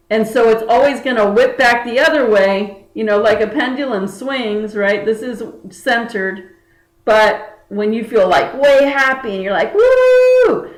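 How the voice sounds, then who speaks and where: A woman's voice: on the high side, echoey room, rough recording. A woman energy healer talking to her viewers in a casual spiritual chat, earnest and chatty, with many fillers and restarts. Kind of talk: casual spiritual talk to camera.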